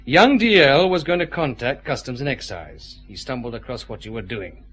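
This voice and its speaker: An actor with a Scottish accent playing a methodical, confident detective chief inspector pressing suspects in a radio drama. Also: male voice, medium pitch, animated, normal speed, fairly bright tone, husky.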